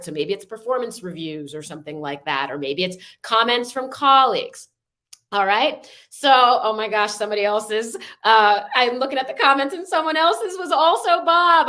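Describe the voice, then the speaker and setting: A woman leading an online workshop, who gives calm, measured prompts and adds casual asides that end in "okay?". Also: fairly high pitch. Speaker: workshop facilitator. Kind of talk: online workshop with a guided reflection exercise.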